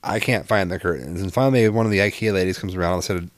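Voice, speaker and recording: Low-voiced guy rambling thru a story, cussing, totally fed up, dry sound. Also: fast talker, dry recording. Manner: exasperated, profane, rambling with fillers. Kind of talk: casual storytelling.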